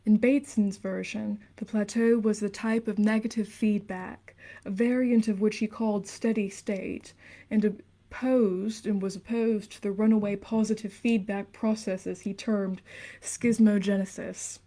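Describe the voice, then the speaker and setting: A young woman in her twenties streaming late at night. She reads dense theory aloud softly and earnestly, with hushed, casual asides. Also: mid-range voice, steady tone, unhurried. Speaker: livestreamer reading aloud.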